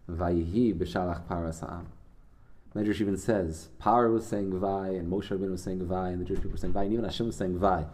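A man teaching a Torah class, telling Hasidic stories in a conversational, halting way peppered with Yiddish and Hebrew terms. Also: deep voice, steady tone, a little mellow.

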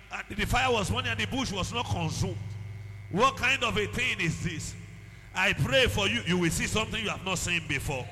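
A man, a pastor, preaching a sermon that swings into shouted prayer and speaking in tongues. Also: sits high, slight background noise. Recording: music under a long hall reverb.

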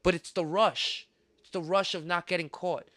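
Heated high-voiced New podcast host. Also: male voice, fairly even intonation, moderate pace, no room sound. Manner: heated, profane, repetitive ranting with sudden loud outbursts. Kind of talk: casual podcast rant.

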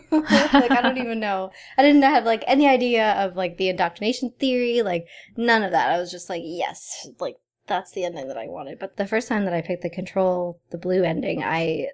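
Casual host: young woman, mid pitch, laughs often, chatty filler-heavy delivery. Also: fairly quick. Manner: giggly, expressive, peppered with "like". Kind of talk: casual chat.

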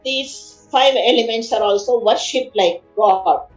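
A woman's voice: fairly high pitch, measured pace, echoey room, highs cut off, soft background music. A woman retelling an epic story in conversation, explaining each verse and acting out the figures' words. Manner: explains verses line by line, acts out figures' pleas.

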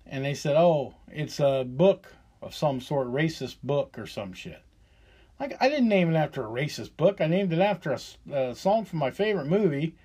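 A man's voice: high-pitched, mellow. A man in his fifties delivering a profane, heated and sarcastic solo rant as a podcast host. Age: 50s.

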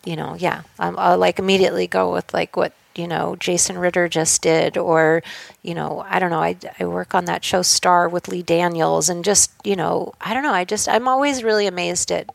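A woman's voice: fairly low pitch, steady tone, moderate pace, vocal fry, no room sound. A middle-aged woman, a director, chatting casually as a guest, rambling with many likes and restarts. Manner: rambling, full of "like" and "you know"; trailing off into restarts. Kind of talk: casual chat. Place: home in Malibu.

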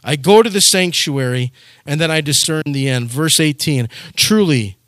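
A man's voice: fairly high pitch, lively intonation, normal speed, a bit bright, dry recording, clean studio sound. A man preaching a sermon, reading scripture aloud and then urging his listeners with rising intensity. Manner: earnest, rising to urgent exhortation.

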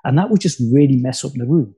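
Mellow, husky man, reflective. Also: mid-range voice, fast. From United Kingdom. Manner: reflective, musing, often quiet. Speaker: spiritual teacher, guest. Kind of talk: casual spiritual conversation.

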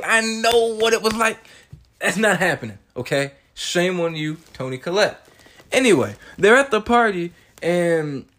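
A young man in his twenties talks through a movie on his podcast in a loose, chatty way. He gets worked up fast and slips into the characters' voices in quick bursts. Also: fairly high pitch. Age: 20s. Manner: excitable, acts out characters' lines in quick bursts. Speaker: podcast host. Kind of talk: animated casual movie recap.

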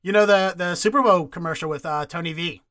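A man who works as an actor, telling animated stories in casual chat, laughing and cursing now and then. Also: high-pitched, a little fast. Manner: animated, swearing, laughing storyteller.

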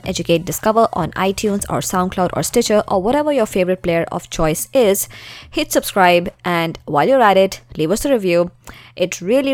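A woman's voice: medium pitch, no echo. A woman hosting a podcast, chatting with a guest and then reading her upbeat sign-off. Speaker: podcast host. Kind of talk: casual interview and podcast outro.

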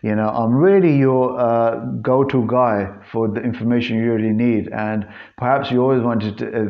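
A man's voice: medium pitch, lo-fi sound. A man hosting a solo fitness podcast, talking casually and earnestly to his listeners with a rambling delivery full of restarts and fillers. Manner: earnest, addresses listeners as guys. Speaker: fitness trainer and podcast host.

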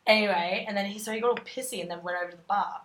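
A woman, telling a dating story in casual chat, animated and swearing freely. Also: medium pitch, rapid-fire. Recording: roomy echo.

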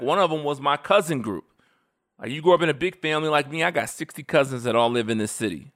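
A man in his forties telling stories in a casual, animated way, emphatic and slangy, laughing often. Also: medium pitch. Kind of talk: casual storytelling commentary.

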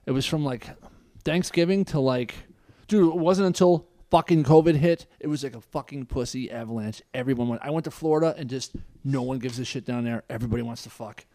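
A man's voice: mid-range voice, a little fast, mellow, dry recording. A man casually chatting on a podcast, crude and boastful. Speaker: podcast co-host. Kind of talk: casual chat.

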